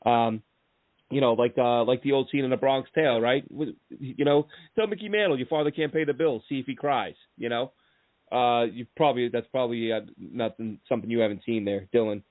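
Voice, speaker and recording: Over a tinny, phone-line-like connection with no room sound, a male sports podcast host tells long, meandering stories packed with asides and restarts. His mid-range voice runs fairly quick, and his storytelling is animated.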